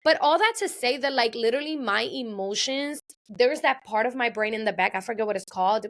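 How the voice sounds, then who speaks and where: A woman's voice: fairly high pitch, creaky, fairly bright tone. A woman hosting a podcast, telling a personal story in a chatty, casual way and repeating phrases for emphasis. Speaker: podcast host. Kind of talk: casual solo podcast monologue.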